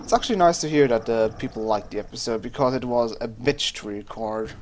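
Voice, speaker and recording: A man's voice: medium pitch, brisk, noisy background. A young man chatting casually over his gameplay as a let's play host, rambling, swearing freely and often trailing off mid-sentence. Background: faint game music.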